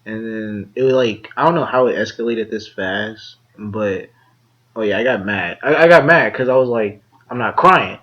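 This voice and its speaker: A young man co-hosting a casual podcast, telling a school story in a chatty, animated way with lots of "like" and acted-out quotes. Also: normal speed. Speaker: podcast co-host. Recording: dull low-quality audio.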